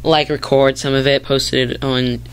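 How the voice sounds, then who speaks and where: A man's voice: mid-range voice, level tone, a little slow, gravelly, clean tone. A young man vlogging casually, rambling and upbeat as he talks straight to his viewers from home and then his front yard. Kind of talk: casual vlog chat.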